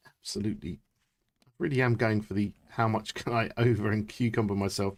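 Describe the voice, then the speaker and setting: A man, chatting excitably and thinking aloud during live gameplay commentary. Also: on the low side, fairly quick. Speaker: streamer.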